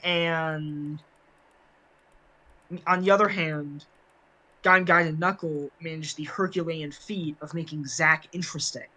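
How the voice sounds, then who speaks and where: Slow, rambling man with many fillers. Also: a little high, fairly even intonation, pushed and bright, low-quality recording. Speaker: podcast co-host. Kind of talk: casual chat.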